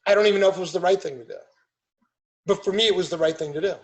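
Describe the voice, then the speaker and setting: A middle-aged man telling a family story on a podcast, emphatic and animated, acting out what people said. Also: high-pitched, rapid-fire, rough recording. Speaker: podcast guest, chiropractor and business owner.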